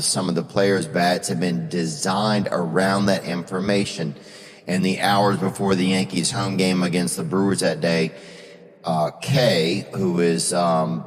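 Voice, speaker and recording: A man's voice: deep voice, big-room sound. A man hosting a podcast, telling a rambling story in casual chat and swearing freely. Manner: rambling, drawling storyteller who swears a lot. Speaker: podcast host.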